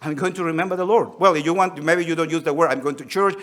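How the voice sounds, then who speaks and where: A male preacher whose accent blends Spanish with Australian. He has a somewhat high voice. He preaches in an earnest way, reading scripture and acting out the quoted lines. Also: fairly even intonation, fast talker, a bit bright. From Spanish-speaking country. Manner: earnest, reads scripture aloud and acts out quotes. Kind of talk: sermon.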